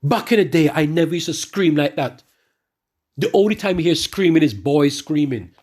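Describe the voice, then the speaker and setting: Man, middle-aged, husky, higher pitch, animated ranting monologue, repetitive restarts. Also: moderate pace. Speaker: religious speaker addressing the brethren. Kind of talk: ranting monologue with scripture reading.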